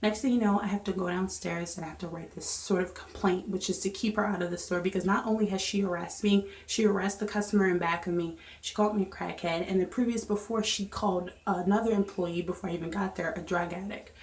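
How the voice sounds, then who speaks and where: A young woman vlogger chatting through a storytime in an animated, lively way. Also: fairly low pitch, fast talker, few pauses. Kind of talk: storytime vlog. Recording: echoey room.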